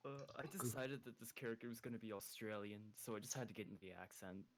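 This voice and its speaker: A young man with a fairly low voice chats as a player in an online tabletop game. He sounds laid-back and offhand, tossing out short remarks over a voice call. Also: quick pace. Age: young adult.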